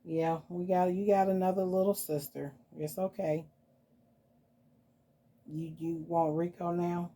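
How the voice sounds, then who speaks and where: Woman, casual doll vlog, soft playful talk to her dolls, deep mellow tone. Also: flat delivery, unhurried, pauses often, slight background noise. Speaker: doll collector vlogger.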